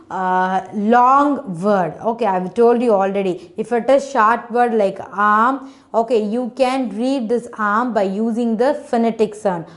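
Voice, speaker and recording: A woman's voice: fairly high pitch, darkish tone. A woman teacher giving a phonics lesson to children, patiently sounding out words syllable by syllable in non-native English phrasing.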